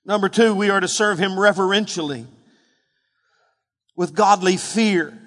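High-pitched guy preaching a sermon, gets loud and emphatic, hall echo behind him. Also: a little slow. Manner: rises to loud emphatic peaks, calls for congregation responses. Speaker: pastor. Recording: hall reverb.

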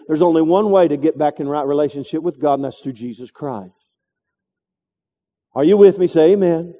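A man's voice: on the high side, normal speed, pauses often, dark tone, big-room sound. A male pastor preaching a sermon, emphatic and calling out to the congregation.

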